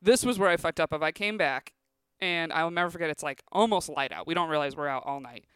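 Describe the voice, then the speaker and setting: Rambling, bright-voiced woman telling stories. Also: low voice, fast talker, clean tone, no room sound. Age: 30s. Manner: rambling, lots of filler "like". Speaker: comedian guest. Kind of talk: casual storytelling on a podcast.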